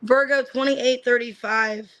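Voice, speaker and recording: A woman giving a casual live-streamed tarot reading. She names the cards one by one and thinks out loud as she reads them, with lots of fillers. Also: fairly high pitch, fairly even intonation, unhurried, low-quality recording. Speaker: tarot reader.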